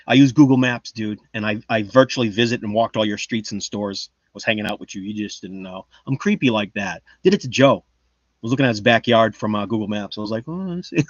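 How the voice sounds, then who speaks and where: A man's voice: lowish voice, fairly even intonation, a little fast, no room sound, dull audio. A man chatting casually on a livestream, reading the chat and rambling in a boastful, joking way. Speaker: livestream host.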